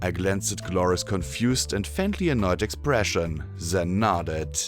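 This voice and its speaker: A man narrates a first-person audiobook in a low, expressive voice that rises and falls widely. The recording is dry and close, with faint music underneath. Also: measured pace. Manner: expressive storytelling reading.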